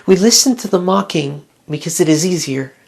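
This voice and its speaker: A woman's voice: lowish voice, lively intonation, normal speed, vocal fry, a little mellow, slightly rough. A woman giving a devotional Bible talk in an earnest, reflective way, asking her listeners one question after another. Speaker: Bible teacher.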